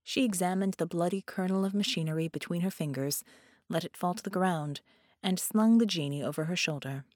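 A woman narrating an audiobook in a clear, measured storytelling manner. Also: lowish voice, a little mellow, dry recording, clean studio sound.

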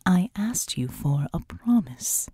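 A serene female seraph, grave and gentle, speaking low and slow in a breathy half-whisper, as a woman puts her on in an audiobook. The tone is mellow and dry, close to the ear. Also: big pitch swings, no room sound, heavily acted. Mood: solemn. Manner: hushed, slow, deliberate delivery. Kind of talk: audiobook reading.

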